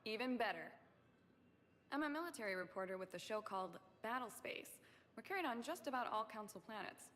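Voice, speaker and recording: A brisk war reporter. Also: female voice, fairly high pitch, animated, a bit bright, long reverb tail, slight background noise. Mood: businesslike. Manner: brisk, direct, persuasive. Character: confident female military war reporter.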